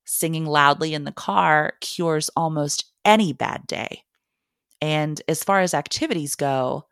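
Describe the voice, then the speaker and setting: Woman host, low voice, wry essay reading, dry close sound. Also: a little slow, gravelly, a bit bright, dry recording. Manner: wry, humorous storytelling. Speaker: podcast host and mother. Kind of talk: reading a personal essay aloud.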